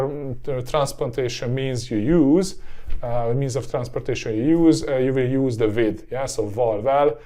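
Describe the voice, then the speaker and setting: A man with a Hungarian accent, a native Hungarian speaker, teaching a language lesson in a slightly hoarse, tiring voice, often checking in with a rising "yeah?" and filling pauses with "uh". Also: medium pitch, dark tone. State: voice getting hoarse.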